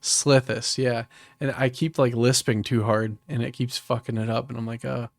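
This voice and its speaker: A man with a gravelly voice co-hosting a podcast, joking and stumbling over his words in casual movie chat. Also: mid-range voice, level tone, moderate pace, no room sound. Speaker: podcast co-host.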